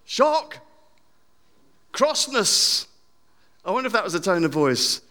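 A man preaching a sermon in a church, reflective, repeating phrases and swinging between loud and hushed. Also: high voice, animated, racing. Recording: long church reverb.

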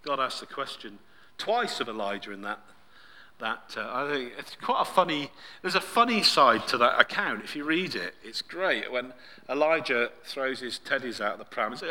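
A man preaching a sermon, swinging between loud emphasis and near-whispered softness. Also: medium pitch, lively intonation, brisk. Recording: long hall reverb.

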